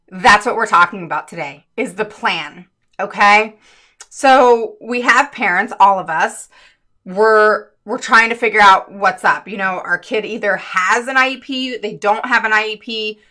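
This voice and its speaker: Woman, live-stream host, bright clear tone, chatty, earnest, lots of ums. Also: medium pitch. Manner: chatty, greets viewers by name mid-sentence; earnest, many fillers. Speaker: special education advocate and live-stream host. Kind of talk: casual live-stream talk.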